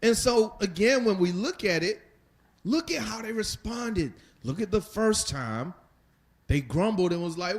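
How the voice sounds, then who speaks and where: A man's voice: high-pitched, expressive, moderate pace, fairly bright tone. A man leading a Bible study lesson, talking conversationally and putting rhetorical questions to his listeners. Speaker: Bible teacher.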